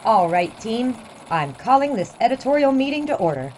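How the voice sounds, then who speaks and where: A woman playing a brisk newspaper editor leading a meeting, businesslike. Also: a little high, big pitch swings, poor audio. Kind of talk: audio drama acting.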